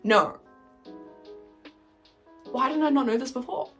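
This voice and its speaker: A woman's voice: high-pitched, slow, fairly bright tone. A young woman telling a rambling storytime on her bed, swearing constantly and talking animatedly while she paints her nails. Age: young adult. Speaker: vlogger. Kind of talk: casual storytime chat. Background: faint background music.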